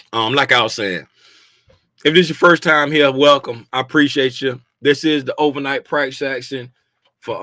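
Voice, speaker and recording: A man's voice: mid-range voice, sharp tone, dry recording, clean studio sound. A middle-aged man hosting a casual livestream about trading from home, playful and folksy, calling out viewers by name. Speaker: livestream host, trading commentator. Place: home room.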